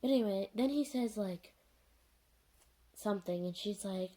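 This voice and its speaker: A woman's voice: fairly low pitch, fairly even intonation, measured pace, vocal fry, pauses often, dark tone, slight background noise. A young woman vlogger reviewing a show in a rambling, sarcastic, unscripted rant full of fillers.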